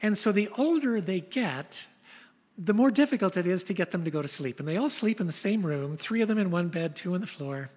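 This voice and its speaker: An older woman pastor preaching a sermon, telling stories in an animated way. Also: on the low side, fairly quick, husky, long reverb tail. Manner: storytelling, animated retelling of scenes.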